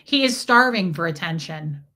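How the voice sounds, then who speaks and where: A woman's voice: lowish voice, expressive, normal speed, sharp tone. A middle-aged woman hosting a casual livestream, chatting and reading out viewer messages. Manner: chatty, reads out chat messages, coos at a kitten. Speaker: livestream host.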